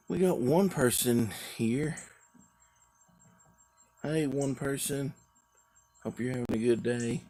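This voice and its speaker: A man's voice: mid-range voice, very animated, a little slow, creaky, pauses often, mellow, a little hiss or hum. A tired, drowsy man chatting casually on a live stream while sitting outdoors on his porch, rambling in a laid-back way. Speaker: livestream host.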